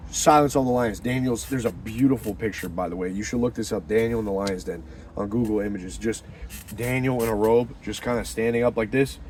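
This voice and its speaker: A man giving a profane, animated religious pep talk, swinging from loud fired-up bursts to low hushed murmurs. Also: a little hiss or hum. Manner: profane and slangy. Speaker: motivational talker.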